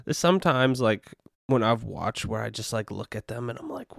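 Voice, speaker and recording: A man's voice: mid-range voice, lively intonation, measured pace, gravelly, pauses often, fairly bright tone, no room sound, studio quality. Rambling, foul-mouthed young man. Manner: rambling and profane, heavy on "you know" and "dude". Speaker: podcast host. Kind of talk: casual solo podcast rant.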